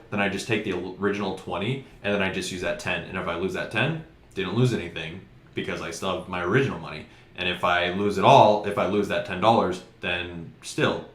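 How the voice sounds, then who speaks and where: A man's voice: low voice, a bit bright. A young man co-hosting a casual podcast, rambling through stories with lots of fillers. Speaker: podcast co-host. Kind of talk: casual chat. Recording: echoey room.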